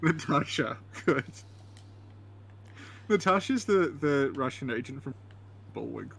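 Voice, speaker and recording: A man's voice: mid-range voice, expressive, takes it slowly, gravelly, fairly bright tone, husky. A man joking and teasing casually while watching a friend play a game. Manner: teasing, jokey banter. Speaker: co-host. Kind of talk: casual let's-play chat.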